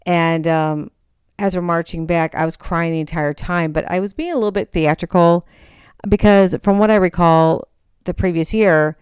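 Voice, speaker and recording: Telling a personal story as a storytelling monologue, this young woman hosting a podcast animatedly performs the quoted voices of the people involved. Her voice is lowish, clear, and resonant, captured with clean studio sound and no room sound.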